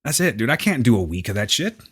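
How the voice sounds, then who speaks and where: A man's voice: mid-range voice, sing-song, fast, husky. A man co-hosting a podcast in casual chat, teasing and joking and swearing freely. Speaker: podcast co-host. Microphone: remote call recording.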